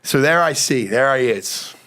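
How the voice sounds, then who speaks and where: A man with a mid-range voice tells a comedic story in a casual podcast conversation, speaking without hurry. He's animated, swears freely, and acts out the people he quotes.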